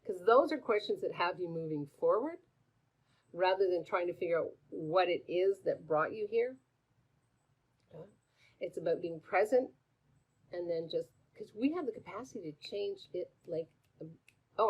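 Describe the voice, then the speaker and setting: A woman's voice: lowish voice, moderate pace, breathy edge. Chatty woman coaching a live stream. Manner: animated, chatty, greets viewers by name, asks many questions. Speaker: host answering viewer questions. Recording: dull lo-fi stream audio.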